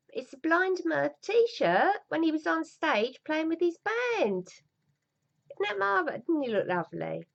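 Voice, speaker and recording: A woman's voice: high voice, creaky, muffled recording. A middle-aged woman with a London accent, rambling chattily through memories, swearing now and then and acting out the voices of people in her stories. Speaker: storyteller. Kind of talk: casual reminiscing monologue.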